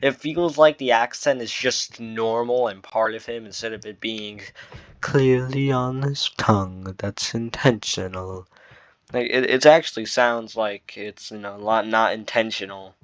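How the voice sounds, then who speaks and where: A man's voice: lowish voice, unhurried, no room sound. A man giving casual commentary on his own video, rambling with lots of fillers and restarts. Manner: rambling, filler-heavy explaining. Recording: dull dry lo-fi mic.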